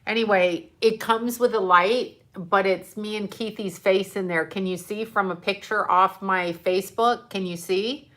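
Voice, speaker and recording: A woman's voice: mid-range voice, steady tone, unhurried, fairly bright tone. A woman chatting casually on a live stream from home, scattered and effusive, talking straight to a camera mic. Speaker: livestream host.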